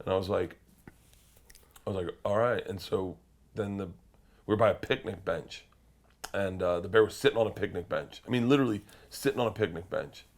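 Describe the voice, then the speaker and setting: A man, an interview guest, telling a story in a loud, excitable way, swearing and breaking into shouted quotes. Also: low-pitched, brisk, gravelly, pauses often. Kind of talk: animated storytelling.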